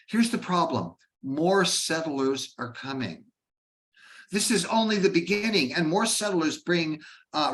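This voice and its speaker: A man's voice: a little high, a bit bright. A man giving an informal history lecture, chatty, with asides and rhetorical questions to his listeners. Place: Canada.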